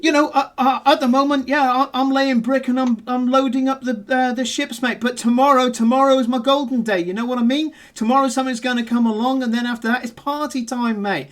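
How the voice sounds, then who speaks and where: A man's voice: very high-pitched, fairly even intonation, a little fast, hardly any pauses, fairly bright tone, voice pushed up. A man voicing a cocky young male dock worker, a slangy chancer who keeps saying mate. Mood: boastful. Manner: slangy, boastful, calls everyone mate.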